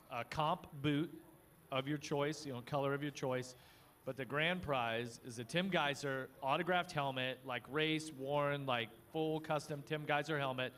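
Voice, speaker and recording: A man's voice: medium pitch, a bit bright. Easygoing man co-hosting outdoors. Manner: easygoing, teasing, many fillers. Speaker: co-host. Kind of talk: live paddock broadcast chat. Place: outdoor motocross paddock.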